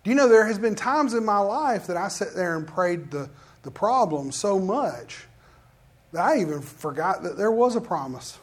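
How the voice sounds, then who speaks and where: A man preaching a sermon, acting out quoted prayers and Bible figures with animated swings in voice. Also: sits high, moderate pace, slightly rough.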